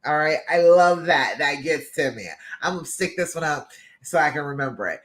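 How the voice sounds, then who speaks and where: A woman's voice: deep voice, animated, fairly quick, a bit bright. A woman love coach talking to her audience on a live stream. She is upbeat and encouraging, and she keeps asking "okay?" and "all right?" as she coaches them.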